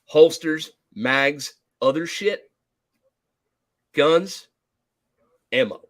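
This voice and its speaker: Profane, animated male podcast storyteller. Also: on the high side, very slow. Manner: profane, animated storyteller who acts out quotes. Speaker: podcast co-host. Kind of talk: casual storytelling chat.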